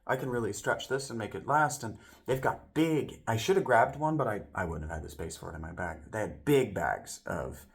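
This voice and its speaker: A man's voice: lowish voice, animated, a little fast, vocal fry, few pauses. A man vlogging a casual personal story, rambling, with frequent restarts and self-corrections, and voicing other people's lines as he retells it.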